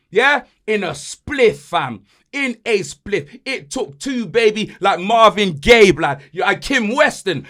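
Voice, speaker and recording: A man's voice: high-pitched, fairly bright tone. A young man hosting a football podcast, boastful and mocking, full of slang. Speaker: podcast host. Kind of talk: animated football banter.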